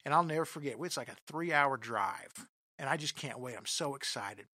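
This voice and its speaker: A man telling a comic personal story in an animated, self-deprecating way, often talking straight to his listeners. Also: mid-range voice, a little fast, no echo, clean studio sound.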